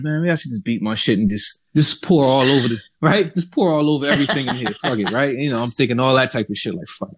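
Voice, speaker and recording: A young man telling a long story in casual talk, acting out the people in it. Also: a little high. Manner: animated, acts out the people in his story. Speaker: podcast host telling a story.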